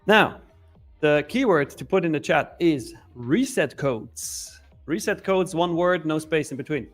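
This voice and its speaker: A man's voice: fairly high pitch, lively intonation, unhurried, soft background music. A man hosting a live trading stream, running a giveaway and reading chat in a playful, laughing manner. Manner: playful, laughs often, reads chat aloud. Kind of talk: casual chat and giveaway announcing.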